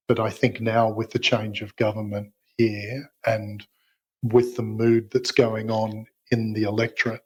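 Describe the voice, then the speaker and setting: A man's voice: fairly low pitch, slightly rough, low-quality recording. A middle-aged man talking as a podcast guest, hesitant and self-deprecating, with lots of fillers and restarts. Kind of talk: casual interview chat.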